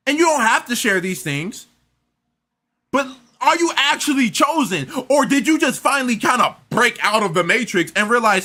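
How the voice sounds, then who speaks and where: A man's voice: very high-pitched, very animated, moderate pace, bright, forceful tone. A young man reacting to a video in casual commentary, incredulous and stammering through restarts.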